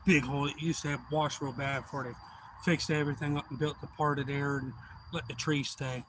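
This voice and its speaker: A middle-aged man with a drawl rambles through a long story on a live stream, cussing freely and circling back on himself. His voice sits a little higher than most men's. A faint hum runs underneath. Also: flat delivery, fairly quick. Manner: profane, meandering, folksy.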